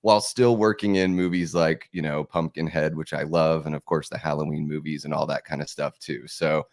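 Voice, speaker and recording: A man with a very low voice joins a live-stream chat as a guest. He talks in a laid-back way, leaning on lots of fillers and laughing easily. The sound is dry and close, with no room echo. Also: fairly even intonation, brisk.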